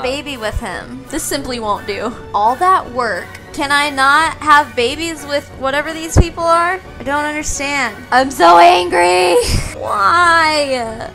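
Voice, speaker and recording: A woman hosting a gaming channel, giving animated let's-play commentary and swearing and exclaiming at the game. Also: high voice.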